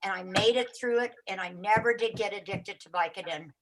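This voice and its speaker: An older woman telling her own recovery story on a live talk show, acting out what people said and sometimes crying out loudly. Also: medium pitch, a little fast, crowd noise. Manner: acts out her own cries and other people's voices, getting loud and shouty.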